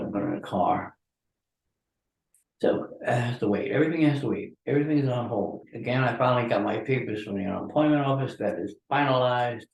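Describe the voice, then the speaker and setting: A man rambles through a grumbling solo monologue, sounding groggy and worn from pain medication. His voice sits in a middle pitch and carries the hollow ring of a room. The mic is a little distant, and faint music plays underneath. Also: gravelly, darkish tone. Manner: ranting and grumbling. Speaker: podcast host. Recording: roomy echo from a distant mic.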